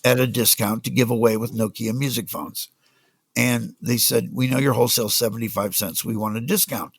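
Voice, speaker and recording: An older man, a music business guest on a podcast, telling animated stories and acting out the people he quotes. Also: mid-range voice, a little fast, vocal fry, breathy edge, dry recording. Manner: animated anecdotes, acts out quoted voices. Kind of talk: storytelling in a casual interview.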